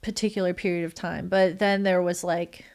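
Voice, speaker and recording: A woman's voice: fairly low pitch, little pitch movement, moderate pace, vocal fry, darkish tone, clean tone. A woman in her thirties, a podcast guest talking casually with many fillers and frequent laughs. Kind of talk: casual interview chat.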